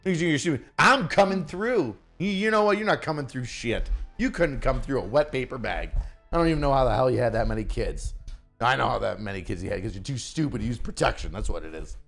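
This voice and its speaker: A man hosting a casual stream, roasting his guest with loud mock-angry rants and heavy swearing. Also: medium pitch, expressive, quick pace, creaky, faint music behind. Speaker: podcast host.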